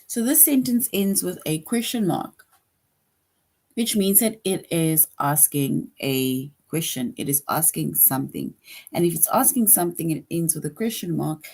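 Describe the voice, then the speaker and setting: A woman's voice: low-pitched, animated, moderate pace, darkish tone. A woman teaching a grade school grammar lesson, patient, repeating each point and often checking in with "right?".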